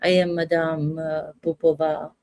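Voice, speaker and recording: A woman's voice: sits low, level tone, measured pace, a little mellow, no echo. A woman voicing a vain, grand female stage actress in a mock Russian accent, speaking pompously and theatrically. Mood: grandiose.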